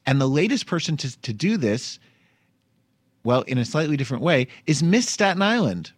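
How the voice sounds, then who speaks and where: A man's voice: a little high, sing-song, moderate pace, dry recording. A man, hosting a comedic news podcast in a chatty, wry way and laughing as he talks. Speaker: podcast host. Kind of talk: casual comedic news chat.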